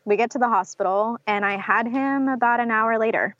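A woman's voice: a little high, fairly quick, fairly bright tone. A woman telling a story casually, leaning on "like" and "um" as she goes. The sound is a little muffled and lo-fi. There is almost no room echo around her voice. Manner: chatty, heavy use of "like" and "um". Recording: dull, dry lo-fi sound.

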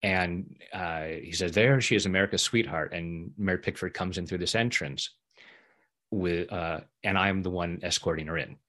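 A middle-aged man telling a personal story in a casual interview, lively when he acts out what others said and laughing often. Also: deep voice, moderate pace. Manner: animated when acting out quoted voices, laughs often. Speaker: interview guest, EFT practitioner.

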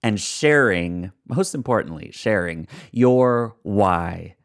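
A man hosting a solo podcast, upbeat and stretching key words slowly for emphasis. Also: lowish voice, lively intonation. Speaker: podcast host.

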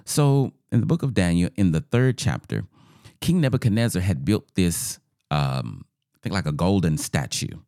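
Low-voiced, animated man giving a chatty, informal sermon. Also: moderate pace, no echo, studio quality. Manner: conversational, repeats words, asks "right?" often. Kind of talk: casual devotional sermon.

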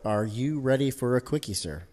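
This male podcast host talks in an upbeat, chatty way. He keeps things light and jokey with his guest, at an everyday mid-range pitch. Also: expressive, normal speed, a little mellow. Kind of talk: upbeat show intro and interview.

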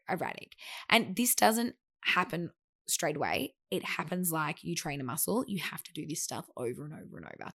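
Woman in her thirties, podcast host and coach, casual monologue, chatty, slightly low pitch. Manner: chatty, animated, acts out quoted remarks.

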